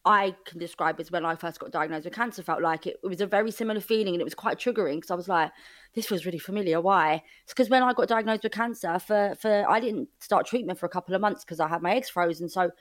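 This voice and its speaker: A woman, a podcast guest speaking from her flat, chatty and candid, with many "like" fillers. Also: fairly low pitch, fast, few pauses. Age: 30s. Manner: chatty and candid, heavy use of "like". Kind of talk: casual conversational interview.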